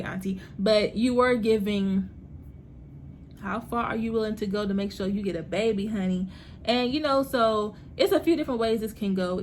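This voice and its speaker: A woman hosting her own vlog, chatting about a TV series in a lively, slangy way and laughing often. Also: medium pitch, a little hiss or hum. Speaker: host reviewing a TV series. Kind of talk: casual TV recap vlog.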